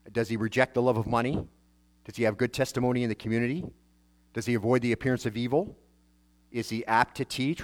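A man, a pastor, preaching a sermon in a conversational way, asking rhetorical questions and often restarting his phrases. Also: mid-range voice.

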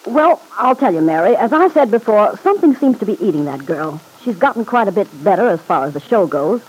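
Casting: a sardonic, tired big-city club owner, middle-aged, old-time radio play, medium pitch. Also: female voice, sing-song, a little fast, a little mellow, breathy edge, rough recording. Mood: wry. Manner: wry, self-mocking, laughs often. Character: wry, weary woman nightclub owner, city-sharp. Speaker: nightclub owner. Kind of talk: 1940s radio acting.

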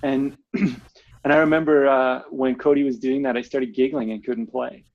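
A man's voice: mid-range voice, steady tone, normal speed, darkish tone. A man in casual chat, telling rambling stories with many restarts and giggles. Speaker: bandleader and podcast co-host. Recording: dull lo-fi sound.

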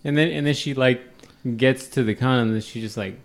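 A man's voice: mid-range voice, a little fast. A young man co-hosting a podcast, telling a story in casual chat, acting out voices and laughing often. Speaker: podcast co-host.

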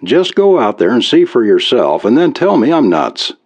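A man's voice: medium pitch, big pitch swings, normal speed, darkish tone, pitched above the performer's own voice. A man doing a weary, sarcastic farmer. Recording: dull lo-fi recording.

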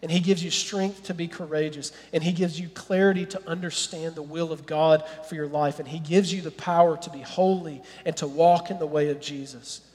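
A man preaching a sermon as pastor, animated and earnest, at times dropping to a soft, quiet prayer. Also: on the high side, normal speed, hardly any pauses, in a large hall.

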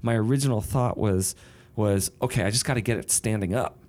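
A man with a lowish voice talks casually about writing songs and books. He explains his ideas patiently, working through examples aloud. The tone is relaxed and conversational. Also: a little fast. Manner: thoughtful, explains with sung rhythms and examples. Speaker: songwriter and novelist.

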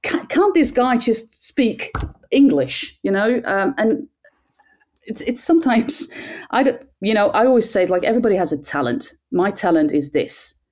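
A woman with a Dutch accent, a cycling commentator, talking in an animated, self-deprecating way with frequent restarts. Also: medium pitch, normal speed. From Netherlands. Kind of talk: conversational interview.

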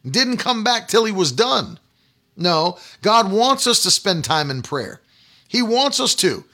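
A man's voice: high voice, big pitch swings, slow, bright, forceful tone. A man preaching a sermon, emphatic and repetitive, driving points home with rhetorical questions. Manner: emphatic, repetitive call-and-response phrasing.

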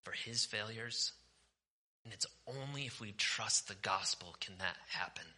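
A male pastor preaching a sermon with passion, moving from forceful declarations down to hushed, almost whispered lines. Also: lowish voice, measured pace. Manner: impassioned, swings from forceful preaching to near-whispers.

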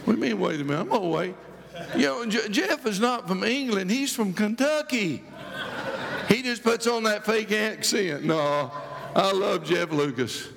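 Brief: older male guest preacher, gravelly and high, loose joking delivery, hall reverb. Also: expressive, moderate pace, a crowd in the background. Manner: joking, rambling storytelling with many restarts. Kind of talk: sermon. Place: church sanctuary.

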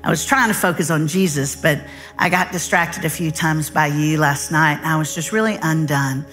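Low-voiced woman telling a story. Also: normal speed, faint music behind. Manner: animated storyteller, quoting others in her own voice. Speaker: Bible teacher. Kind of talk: storytelling sermon.

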